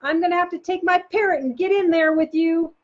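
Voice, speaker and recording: A woman voicing a boisterous, cheerful pirate with a parrot, loud and exaggerated. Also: very high voice, brisk, pitched above the performer's own voice. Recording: dull lo-fi sound.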